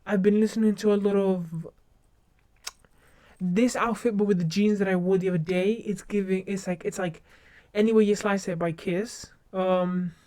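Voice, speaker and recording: A woman's voice: medium pitch, steady tone, moderate pace, mellow. A young woman chatting casually on a livestream, rambling along and often restarting her sentences. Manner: rambling, self-interrupting with many restarts. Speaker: streamer.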